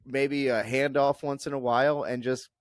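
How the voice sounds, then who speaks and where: A man co-hosting a casual sports podcast, making his points in halting, hedging speech with many restarts. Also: mid-range voice, flat delivery. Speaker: podcast co-host.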